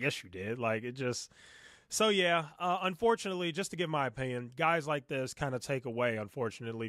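A man's voice: medium pitch, a bit bright, no room sound. A man talking straight into the mic with a dry, close sound and no room around him. He gives blunt opinions and parrots others' words with scorn. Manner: blunt, mocking, quotes others in a sneering tone. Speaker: streamer. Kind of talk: casual reaction commentary.

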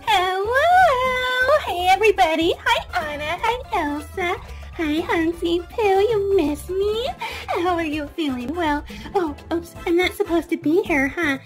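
A woman voicing a bubbly, self-absorbed young woman doll, gushing and excitable, in a toy play video. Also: very high voice, measured pace, soft background music. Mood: excited.

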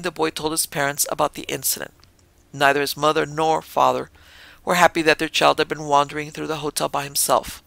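A male podcast host reads a ghost story as scripted narration, measured and dramatic. His fairly high, bright voice is gravelly and forceful, with fry at phrase endings. The sound is dry and close, with no echo.

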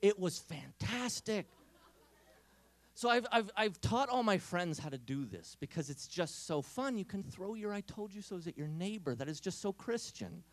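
A man giving a comic storytelling talk at a Catholic youth event, animated and acting out the characters' voices. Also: sits high, moderate pace.

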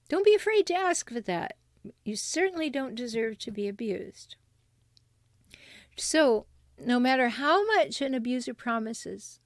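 A woman's voice: on the high side, no room sound, studio quality. A woman hosting a solo advice podcast, speaking emphatically and directly, repeating key points. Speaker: podcast host and relationship counselor.

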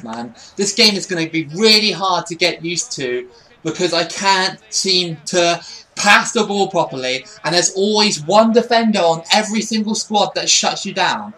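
A man's voice: high voice, pushed and bright. A young man giving casual commentary over a football video game, often frustrated and swearing at it. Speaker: gaming YouTuber.

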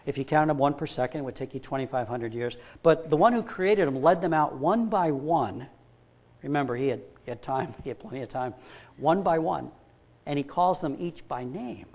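A pastor preaches a sermon emphatically, building his points with rhetorical questions and retelling a story by voicing both people in it. His voice is a little high with a darkish tone.

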